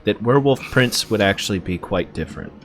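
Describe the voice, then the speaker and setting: A man playing a tabletop role-playing game, speaking thoughtfully and deliberately. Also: on the low side, lively intonation, soft background music. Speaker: player. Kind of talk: casual tabletop game chat.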